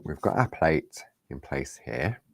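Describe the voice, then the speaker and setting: A man's voice: very deep voice, sing-song, takes it slowly, vocal fry, breathy edge, dry recording, clean studio sound. A middle-aged man leading a live crafting tutorial, chatty and reassuring, talking straight to his viewers. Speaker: crafting demonstrator.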